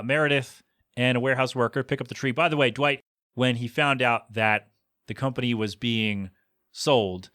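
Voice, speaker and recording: A man hosting a podcast, casually recapping a TV episode and acting out the characters' lines with animated swings in his voice. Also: medium pitch, no room sound, studio quality. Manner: animated, acts out characters' quotes. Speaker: podcast host.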